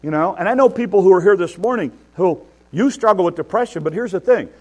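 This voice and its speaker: A man's voice: high voice, lively intonation, quick pace. A man preaching a sermon in an earnest, conversational way, building emphasis as he makes his points. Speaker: pastor. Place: church.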